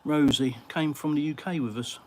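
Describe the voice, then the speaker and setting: A man's voice: a little high, normal speed. Englishman, middle-aged, casual live-stream chat, matey tone, faint background hiss. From England. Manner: chatty and matey, calls viewers mate.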